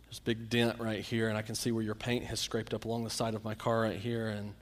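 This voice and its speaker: A man preaching a sermon, telling Bible stories and a personal anecdote and acting out the quotes with lively shifts. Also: lowish voice, fast talker, slight background noise. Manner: storytelling, animated, acts out quotes.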